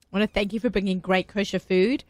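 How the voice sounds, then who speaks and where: A woman hosting a radio food show in a studio, bubbly and excitable, laughing often. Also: medium pitch, fast, no echo. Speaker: host.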